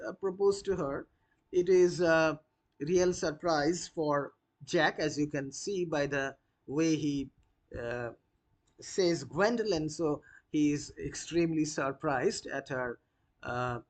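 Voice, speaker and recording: A man explaining a play to students, pausing often with fillers as he explains. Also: on the high side. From India. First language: Bengali. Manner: hesitant, many uh fillers, unhurried explaining. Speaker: literature lecturer.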